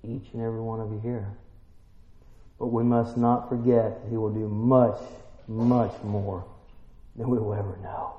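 A man preaching a sermon, emphatic and full of rhetorical questions, building to excited peaks. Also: lowish voice, moderate pace. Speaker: pastor. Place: church. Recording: roomy church, dull lo-fi sound.

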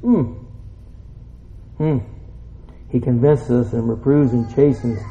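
A male pastor preaching a sermon in a church, folksy and casual, swinging from hushed asides to excited outbursts. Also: medium pitch, takes it slowly, long pauses. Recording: roomy, dull hall sound.

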